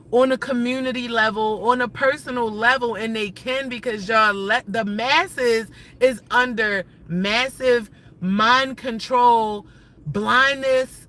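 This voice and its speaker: A woman on a casual livestream, talking in a bright, sharp voice. She rants loosely and excitably, swearing freely and jumping from thought to thought. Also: a little high, rough recording. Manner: animated, profane, rambling and excitable. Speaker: livestream host.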